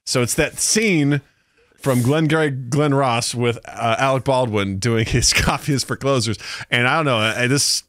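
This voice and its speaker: A man hosting a podcast in casual chat, lively and jokey, often laughing. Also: medium pitch, unhurried, dry recording. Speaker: podcast host.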